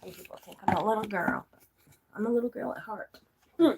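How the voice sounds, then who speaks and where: A woman's voice: medium pitch, a little fast, noisy background. A giggly, silly woman chatting casually with her viewers, rambling and laughing often. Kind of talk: casual live chat.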